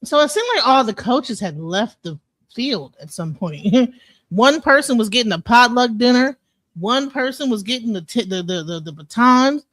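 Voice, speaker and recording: A woman co-hosting a casual live stream, talking in halting bursts that trail off quietly. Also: fairly high pitch, lively intonation, dry recording. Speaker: co-host.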